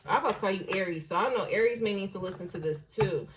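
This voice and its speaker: A woman talking through a tarot reading in a loose, conversational way. She is slangy and blunt, swears now and then, and muses aloud. Her voice sits at an ordinary middle pitch and dips into quiet hushed asides. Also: quick pace, background noise. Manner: musing, drifts into soft hushed asides. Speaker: tarot reader. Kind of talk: casual intuitive tarot reading.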